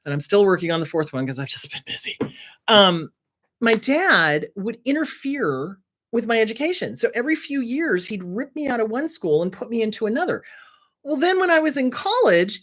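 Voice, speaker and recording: A woman's voice: a little high, normal speed. A woman therapist hosting her own show, talking casually and bluntly with jokes about career and fear. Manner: animated, chatty, blunt and joking. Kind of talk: casual advice talk to camera.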